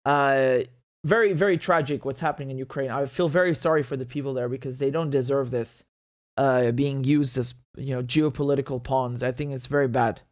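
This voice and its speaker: A man's voice: medium pitch, fairly even intonation, a little fast, no echo, studio quality. A man hosting a live political commentary show, talking in an indignant, sarcastic way and swearing freely.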